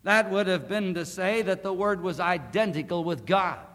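A man preaching a sermon, emphatic and deliberate, slowing down to stress key words. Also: high-pitched, fairly bright tone. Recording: long hall reverb.

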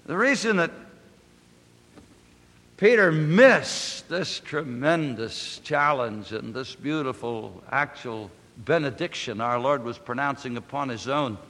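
A man preaching an expository sermon as pastor, speaking slowly and deliberately and lifting his voice on key words. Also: medium pitch, a bit bright, in a large hall. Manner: slow, deliberate and emphatic, rising on key words.

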